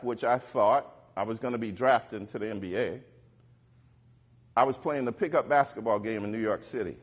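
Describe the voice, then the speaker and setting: Animated middle-aged man telling a story. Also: medium pitch. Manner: animated storytelling, acts out quoted voices and whispers. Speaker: keynote speaker. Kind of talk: storytelling talk on stage. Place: stage before a live audience.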